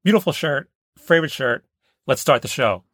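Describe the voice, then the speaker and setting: A man's voice: a little high, animated, moderate pace, a bit bright, no room sound. A man hosting a comedic sports podcast with a dry, joking delivery. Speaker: podcast host.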